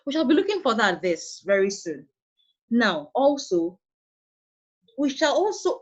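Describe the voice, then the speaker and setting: Nigerian woman teacher, fairly high voice, steady and repetitive delivery, muffled recording. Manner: deliberate, repeats key phrases, demonstrates tones. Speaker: English teacher. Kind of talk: classroom lesson on intonation. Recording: dull lo-fi recording.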